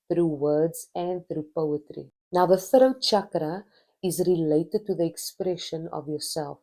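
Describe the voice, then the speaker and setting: A woman's voice: sits low, mellow. A woman from Cape Town with a Cape Town South African accent, playfully introducing herself in a casual vlog. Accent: Cape Town South African English.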